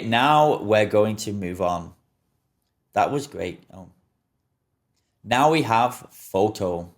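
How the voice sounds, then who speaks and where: A man teaching English plurals, saying each word slowly and repeating it patiently for learners. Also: on the low side. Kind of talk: slow, repetitive pronunciation lesson.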